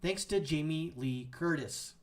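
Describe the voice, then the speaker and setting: A man's voice: a little high, measured pace, darkish tone, far from the mic. A man hosting political commentary, ranting in a sarcastic, angry, mocking way as he reacts to posts.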